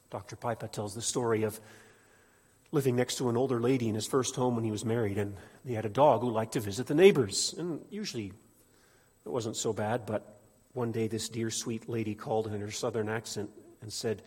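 A man preaching a sermon in a church, animated, swinging between loud emphatic peaks and quiet asides. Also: fairly low pitch, brisk, husky. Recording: echoey hall with long reverb.

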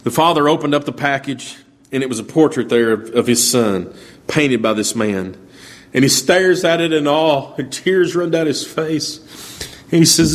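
A man's voice: fairly high pitch, moderate pace. A man preaching, telling a story in a plain, folksy way. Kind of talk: sermon storytelling.

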